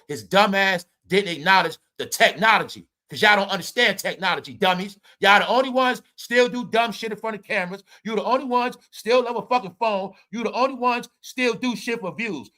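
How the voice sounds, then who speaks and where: A man hosts a celebrity gossip commentary, cursing and mocking as he rants. His voice is high and bright. He swings from loud shouts down to low mutters. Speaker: commentary show host.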